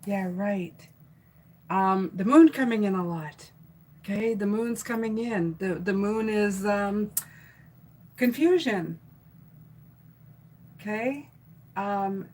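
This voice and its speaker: Rambly tarot lady on a livestream, mid pitch, talks to chat, bit of hiss. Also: rough recording. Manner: chatty, warm, rambling with fillers and restarts. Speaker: tarot reader. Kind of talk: live stream tarot reading, reading chat comments.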